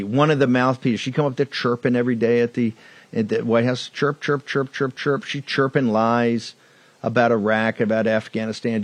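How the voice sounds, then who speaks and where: A man hosting a political talk show, delivering a combative, mocking monologue that climbs into loud outbursts. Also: mid-range voice, no room sound.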